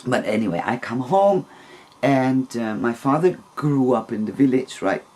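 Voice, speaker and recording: A man telling a long personal story in a casual, rambling, gentle way, with soft laughs between phrases. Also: mid-range voice, animated, normal speed.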